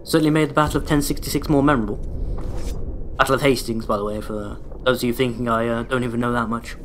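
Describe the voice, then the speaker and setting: A man's voice: mid-range voice, fairly even intonation, fast, noisy background. A young man rambling through casual gameplay commentary as a let's play host, with dry, self-deprecating jokes aimed at his viewers.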